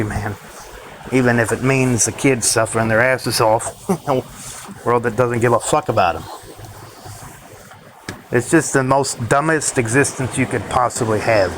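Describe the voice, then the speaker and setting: Steady background noise and passing vehicles accompany this vlogger as he rants to his viewers. Sounding bitter and tired, he curses frequently and laughs dryly between gripes, his voice at an ordinary middle pitch.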